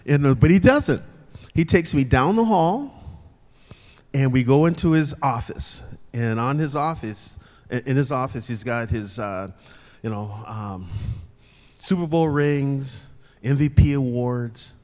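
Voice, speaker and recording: A man's voice: medium pitch, expressive, measured pace, darkish tone. An older man and former football player, guest at a live show, telling a long anecdote to an audience with frequent chuckles. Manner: storytelling, chuckles as he talks. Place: club room at a live show event. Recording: reverberant venue sound.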